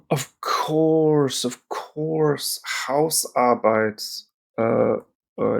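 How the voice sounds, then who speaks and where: An Irish man muses aloud through his German practice, wandering off on tangents and poking fun at himself. He talks slowly, with a gravelly, creaky edge to his voice. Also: medium pitch. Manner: rambling, self-mocking, talking to himself. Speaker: German-learning video creator. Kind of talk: thinking aloud while doing app lessons.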